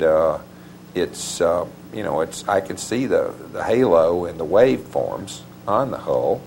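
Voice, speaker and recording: A man with a very deep, gravelly voice gives long, winding interview answers. He pauses often to restart his sentences. Faint hiss sits under the recording. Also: a little mellow. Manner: meandering, with many uh fillers and restarts. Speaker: author and interview guest. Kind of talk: rambling conversational interview answers.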